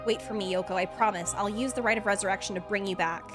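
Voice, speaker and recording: A woman voicing a shaken young protagonist grieving a friend, reading the game dialogue aloud in a hushed, earnest, halting way. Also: medium pitch, fairly even intonation, over music, lightly acted. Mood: grim, hushed.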